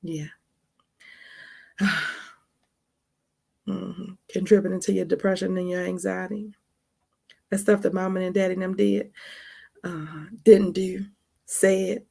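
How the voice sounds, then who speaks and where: Chatty gravelly Baltimore woman. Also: on the low side, level tone, measured pace, pauses often, a little mellow. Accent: Baltimore with some Texas. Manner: chatty, calls listeners honey and y'all; laughs often mid-sentence. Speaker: podcast host. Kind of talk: casual spoken monologue.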